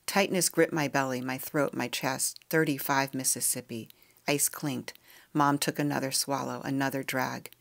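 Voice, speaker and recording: Woman podcast host reading a book aloud, low voice, lots of vocal fry, quiet and steady. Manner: quiet, measured, intimate narration. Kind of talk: audiobook-style reading aloud.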